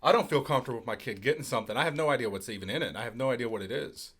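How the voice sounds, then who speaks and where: A man hosting a live podcast, talking quickly and animatedly with his guest. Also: medium pitch, husky. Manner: quick and animated, laughing along. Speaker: podcast host. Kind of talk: casual live podcast talk.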